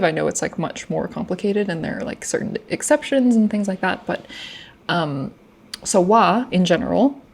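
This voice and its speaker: A woman's voice: fairly low pitch, darkish tone. A young woman casually explaining grammar from her own study notes, chatty, with lots of fillers and restarts. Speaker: language learner explaining grammar.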